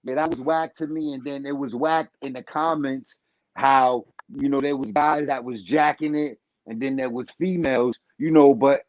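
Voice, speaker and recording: A man's voice: mid-range voice, fairly even intonation, normal speed, darkish tone, slight background noise. Man with a dull, dry podcast mic. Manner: emphatic slang, repeats phrases. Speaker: podcast co-host. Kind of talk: casual banter.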